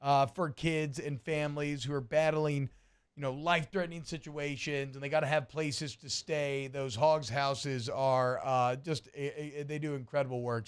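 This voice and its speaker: Male sports radio host, slightly high voice, animated casual talk, quick to laugh. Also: smooth.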